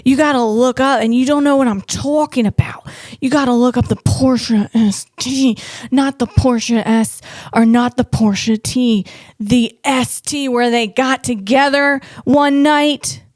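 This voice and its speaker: A woman's voice: on the high side, a little slow, darkish tone, no echo, clean studio sound. A woman comedian hosting a tech show, riffing in a loose, rambling monologue full of playful asides. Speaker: comedian host.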